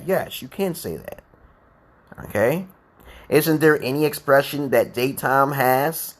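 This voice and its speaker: Lively-pitched man lecturing on a live stream. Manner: lecturing, repeats himself, asks "correct?" and "okay?". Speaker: host of a live chat and English practice stream. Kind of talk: casual livestream chat and English lesson.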